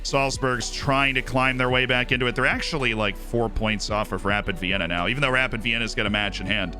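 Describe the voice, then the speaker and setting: A man's voice: medium pitch, steady tone, fairly quick, music in the background. A man streamer giving casual, upbeat commentary on his game and thanking viewers by name. He is tired and his voice is starting to go.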